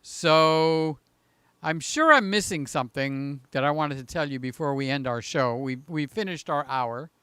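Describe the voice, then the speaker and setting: Older guy on a livestream, bright clear voice, teasing jokey rambling, dry close mic. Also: high voice, no echo. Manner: joking, teasing, swings between loud bursts and quiet asides. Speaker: live-stream host. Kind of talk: casual live-stream chat.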